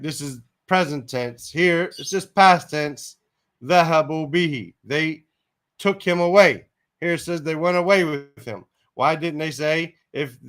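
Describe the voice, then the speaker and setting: A man's voice: medium pitch, a bit bright. A man teaching a word-by-word Quran translation lesson, repeating each Arabic word and glossing it in English, with tentative asides as he thinks aloud.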